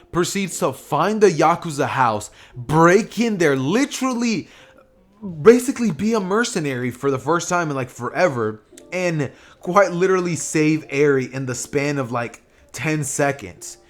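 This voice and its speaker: Young man, fairly high voice, casual narration, rambling, lots of fillers. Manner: rambling, filler-heavy retelling. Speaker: anime story narrator. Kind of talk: casual what-if story narration.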